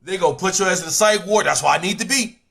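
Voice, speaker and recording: High, bright-voiced young man riffing loudly. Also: fast talker, creaky, a little hiss or hum. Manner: loud, animated, profane slang-heavy riffing. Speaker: video reaction host. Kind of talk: casual reaction commentary.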